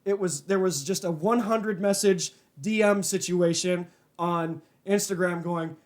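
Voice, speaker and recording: A man hosting a casual podcast, ranting with profanity and stammered restarts, then settling into a low, laid-back tone. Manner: animated, profane, restarts and stammers when worked up; calms down to a low, mellow, drawn-out tone. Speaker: podcast host.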